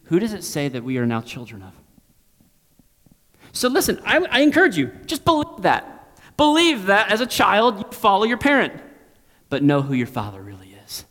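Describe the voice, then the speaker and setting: A man preaching a sermon as pastor, swinging from loud emphasis to hushed near-whispers and repeating phrases for emphasis. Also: high-pitched, wildly swooping pitch, normal speed, pauses often, in a large hall.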